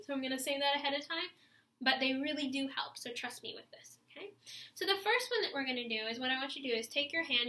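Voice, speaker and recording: High, bright-voiced woman teaching clarinet. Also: echoey room, poor audio. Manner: encouraging, guides listeners step by step; demonstrates breaths and sighs aloud. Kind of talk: instructional video lesson.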